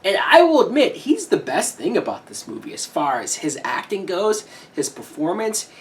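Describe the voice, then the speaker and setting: Low-voiced woman ranting, slightly distant mic. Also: huge pitch swings, moderate pace, slight background noise. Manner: profane, heated ranting with sudden shouted peaks. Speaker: movie reviewer. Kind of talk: ranting film review.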